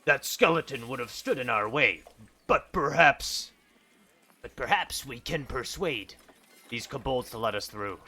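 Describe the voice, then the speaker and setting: A man voicing a solemn male adventurer who speaks slowly and gravely. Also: medium pitch, expressive, pushed and bright. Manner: slow, measured, grave.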